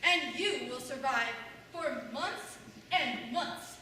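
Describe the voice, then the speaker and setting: A woman's voice: high-pitched, takes it slowly, pushed and bright, heavily acted. A young woman acting a wry, bitter middle-aged mother in a stage monologue, telling a story with sardonic humor and mimicking others. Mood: lecturing. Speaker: student actor. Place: school stage in a large hall. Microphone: distant room mic. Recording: echoey hall from far off, faint noise.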